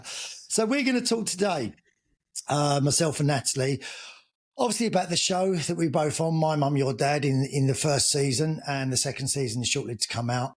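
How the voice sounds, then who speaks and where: A British man hosts a casual podcast, his voice a little high and a touch husky. He talks in a chatty, teasing way, joking with his guest. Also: moderate pace. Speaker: podcast host. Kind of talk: casual chat.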